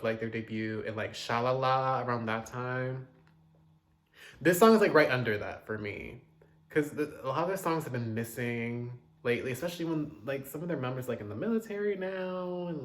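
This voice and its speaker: Lively, animated male music reviewer. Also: medium pitch. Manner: animated, chatty, quick asides, dramatic outbursts. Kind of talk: casual reaction review.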